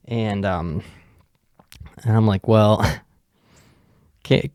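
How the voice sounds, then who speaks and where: A man hosting a podcast, telling a rambling, profane story in a casual, deadpan way. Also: lowish voice, takes it slowly, vocal fry, long pauses, no room sound, studio quality. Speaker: podcast host.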